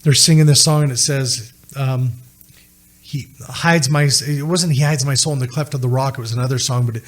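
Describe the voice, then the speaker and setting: A man's voice: medium pitch, steady tone, a little fast. A middle-aged man telling a personal story as a podcast guest, acting out the voices of the people he quotes.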